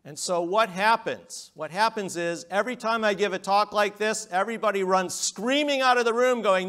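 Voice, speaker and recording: A middle-aged man giving a public lecture, emphatic, with rhetorical questions and swings between loud and quiet. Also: sits high, normal speed, hardly any pauses. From United States.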